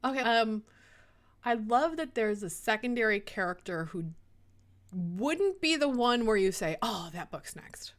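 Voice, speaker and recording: A woman's voice: fairly high pitch, expressive, unhurried. Woman guest author, chatty and emotional, casual podcast talk.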